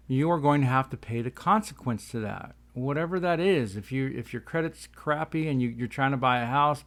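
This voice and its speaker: A man hosting a casual talk show, rambling and folksy while talking around tobacco in his mouth. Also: on the high side. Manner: rambling, folksy, says "y'all". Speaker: host.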